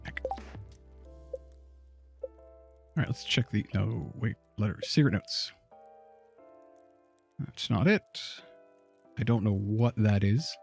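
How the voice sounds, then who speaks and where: A man's voice: lowish voice, slow, creaky, pauses often, darkish tone, soft background music. A man co-hosting a casual game stream, chatting and thinking aloud as he plays. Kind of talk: casual let's-play chat.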